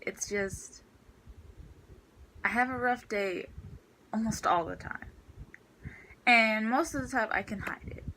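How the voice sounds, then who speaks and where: A woman's voice: on the high side, takes it slowly, long pauses, pushed and bright, a little hiss or hum, rough recording. A teenage girl ranting in a storytime vlog about her school day, exasperated and full of fillers. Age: teens. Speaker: student vlogger.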